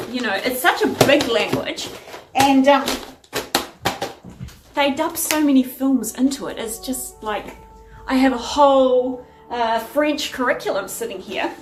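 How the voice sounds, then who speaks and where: A woman's voice: fairly high pitch, roomy sound. A woman vlogging from home in a chatty, rambling way as she sorts DVDs. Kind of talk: casual chat. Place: at home sorting a DVD collection.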